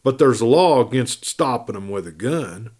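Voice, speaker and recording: A man's voice: mid-range voice, lively intonation, normal speed, darkish tone, close to an everyday voice. A man reading aloud, voicing a stern, commanding frontier deputy with a curt manner.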